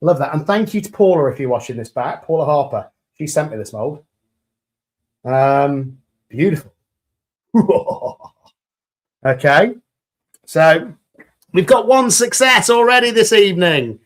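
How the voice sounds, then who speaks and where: A man's voice: fairly high pitch, animated, unhurried, pauses often, fairly bright tone. Chatty British man streaming live. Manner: chatty and enthusiastic, greeting viewers. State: slightly croaky after hours live. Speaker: resin crafter streaming live. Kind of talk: live stream chat while demolding.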